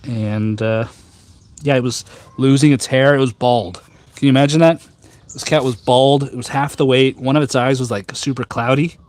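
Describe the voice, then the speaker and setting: A man hosting a casual tea live stream outdoors on a rooftop garden, chatting with viewers in a jokey, rambling, deadpan way with many fillers. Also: mid-range voice, moderate pace. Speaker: tea livestream host.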